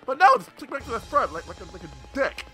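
Young male let's player, high and very animated, cursing and shouting, game music behind. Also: quick pace. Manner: excitable, swears a lot, yells at enemies. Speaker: gameplay commentator. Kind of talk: let's play commentary.

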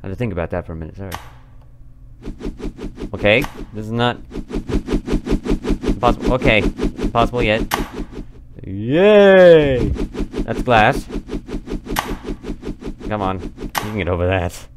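A man's voice: on the low side, normal speed, long pauses. A man giving casual gameplay commentary, chatting, laughing and talking at the game. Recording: noisy compressed recording.

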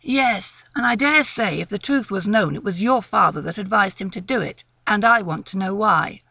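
Well-spoken young gentleman, persistent and coaxing, dry close read by a woman. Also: medium pitch, normal speed, gravelly, dry recording, pitched below the performer's own voice.

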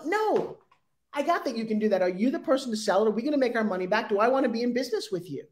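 Animated woman in her sixties. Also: fast. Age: 60s. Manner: animated, acts out pitches in quoted voices. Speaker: guest. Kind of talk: energetic interview talk.

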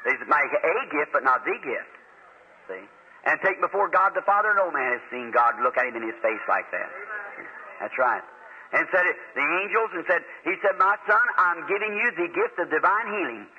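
A man's voice: fairly high pitch, sing-song, moderate pace, pushed and bright, lo-fi sound, a little hiss or hum. A man preaching a sermon at a church meeting in an earnest, folksy way that rises to emphatic fervor, on an old tape recording. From United States.

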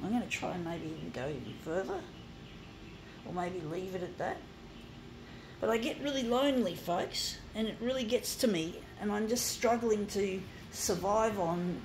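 A woman's voice: medium pitch, noisy background. An Australian woman in her fifties talks in a rambling monologue, often stumbling, correcting herself and swearing. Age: 50s. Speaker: artist. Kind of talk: rambling monologue to camera while designing a graphic.

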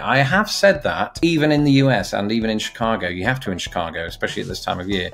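A man's voice: lowish voice, expressive, fairly quick, hardly any pauses, a bit bright. A young man from England, chatting wryly as a video host, with faint music behind. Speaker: YouTube host. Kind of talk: casual commentary.

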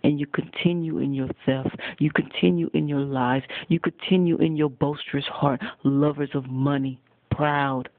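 A man preaching a sermon, addressing his listeners directly and accusingly at a deliberate pace. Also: on the high side, fairly even intonation, no room sound. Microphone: phone. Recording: tinny phone recording, dry.

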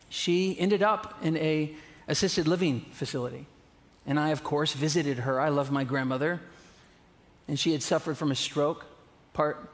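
A man's voice: high voice, big-room sound. A man preaching a sermon, telling a personal story in a candid, conversational way. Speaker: guest preacher. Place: church sanctuary.

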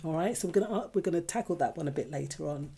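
A woman co-hosting a casual chat show, feeling a bit unwell, chatty and quick to laugh. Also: sits low, animated, creaky, dark tone, husky. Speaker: podcast co-host.

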